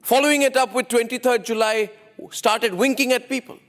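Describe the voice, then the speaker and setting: A male television news anchor with a high-pitched voice, speaking from a studio. He delivers an opinionated monologue, repeating his points and firing off rhetorical questions with insistent emphasis. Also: fairly even intonation, moderate pace, fairly bright tone.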